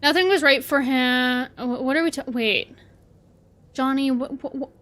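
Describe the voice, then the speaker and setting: High, bright-voiced woman streamer. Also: moderate pace. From Canada. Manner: rambling, chatty, answers chat aloud. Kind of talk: casual livestream chat while gaming.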